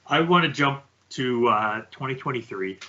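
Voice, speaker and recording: A man's voice: mid-range voice, expressive, moderate pace, bright, forceful tone, lo-fi sound. A man co-hosting a podcast, casually explaining research findings step by step. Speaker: podcast co-host. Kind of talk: casual conversational chat.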